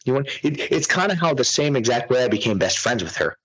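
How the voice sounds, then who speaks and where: A man's voice: medium pitch, lively intonation, quick pace, a bit bright, slight background noise, low-quality recording. A man co-hosting a podcast, talking casually in a profane, ranting way. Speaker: podcast co-host.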